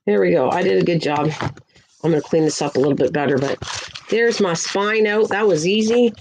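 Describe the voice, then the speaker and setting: A woman's voice: on the low side, brisk. Older woman, chatty livestream crafter; rambles easily and greets viewers sweetly, faint hiss behind. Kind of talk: casual livestream chat.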